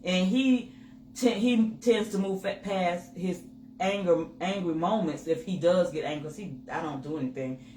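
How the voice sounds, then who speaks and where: A woman co-hosting a candid couple's chat with her husband, telling personal stories with lively acted-out inner dialogue. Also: on the low side, normal speed. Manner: animated storytelling, acts out her own inner voice. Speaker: co-host. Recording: roomy with faint noise.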